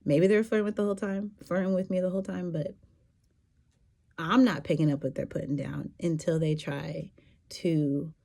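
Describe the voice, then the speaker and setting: A woman's voice: lowish voice, fairly even intonation, normal speed, gravelly, dark tone. A woman telling a personal story in a candid, rambling casual monologue, laughing now and then.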